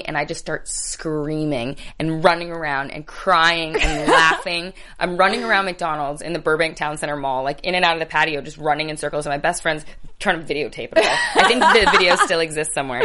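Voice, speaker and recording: A young woman with a low-pitched voice, chatting in an interview. She tells stories with energy and acts out the lines of the people in them. Her voice often jumps up high when she gets excited. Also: slight background noise. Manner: animated storyteller, acts out quotes. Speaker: actress guest. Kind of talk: casual interview chat.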